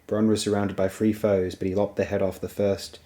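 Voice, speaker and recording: A man reading a fantasy novel aloud as an audiobook, in a steady, even storytelling manner. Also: fairly low pitch, brisk. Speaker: audiobook reader.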